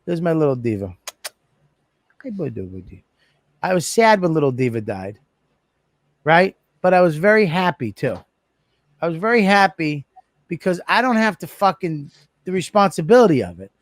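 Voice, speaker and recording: A man's voice: a little high, lively intonation, normal speed, no room sound. Blunt, profane man, dry close mic. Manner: blunt, profane, laughs in disbelief. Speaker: podcast host. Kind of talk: casual chat.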